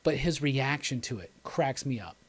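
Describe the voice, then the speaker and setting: Man, mid-pitch, hosts a live watch-along; loose, rambling, excitable, chats with viewers. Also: normal speed, breathy edge. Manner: enthusiastic, rambling, often laughing. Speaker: host of live movie commentary. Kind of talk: casual live commentary.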